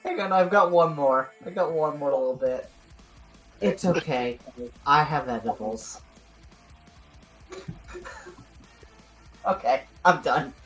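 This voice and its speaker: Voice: medium pitch, expressive, slow, long pauses, fairly bright tone, soft background music. A tabletop player speaking in character over voice chat, stammering and self-deprecating. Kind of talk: in-character voice-chat role-play.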